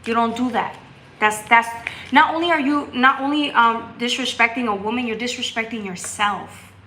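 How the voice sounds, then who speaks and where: A woman hosting a tarot livestream in casual, blunt chat with her viewers. Her voice is bright and a touch high, and a faint hum of room noise sits behind her. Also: normal speed. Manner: blunt and scolding, reads chat aloud, bursts into loud laughter. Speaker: tarot reader and livestream host.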